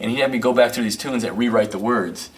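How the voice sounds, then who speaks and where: A middle-aged male musician and producer, a guest in an interview, who tells stories in a rambling, animated way with plenty of fillers. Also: medium pitch, fast talker. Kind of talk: casual storytelling interview. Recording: distant mic with faint noise.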